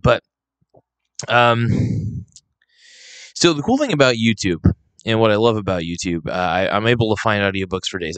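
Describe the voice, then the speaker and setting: A slightly hoarse man with a lowish voice rambles casually to his audience, full of "um"s and restarts. He speaks right into a close microphone, and the sound is dry with no room echo around it. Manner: rambling, relaxed, with many fillers and restarts. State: slightly hoarse, coughing now and then. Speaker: vlogger. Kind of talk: casual unscripted talk to camera. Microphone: close handheld microphone.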